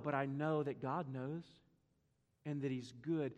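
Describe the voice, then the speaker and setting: A man's voice: mid-range voice, steady tone, a little slow, darkish tone. A man preaching a sermon to his congregation, emphatic and repetitive, asking the church questions. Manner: emphatic, repeats words for stress, asks the congregation questions. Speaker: pastor. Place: church sanctuary. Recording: long hall reverb.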